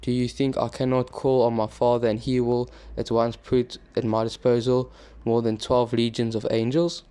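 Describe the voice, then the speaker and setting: A man reading the words of Jesus, a calm male teacher, in a steady, even reading voice. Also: mid-range voice, moderate pace, clean tone, lightly acted.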